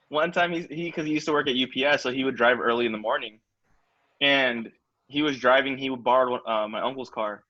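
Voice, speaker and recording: A man's voice: mid-range voice, normal speed, sharp tone, no room sound, lo-fi sound. A young man telling a friend's story in loose, chatty podcast talk. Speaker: podcast co-host. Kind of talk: casual storytelling chat.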